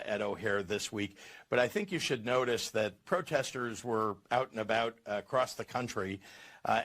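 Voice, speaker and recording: Brief: low-voiced male speaker, slow and measured, with pauses. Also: fairly bright tone. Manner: measured, hesitant with fillers.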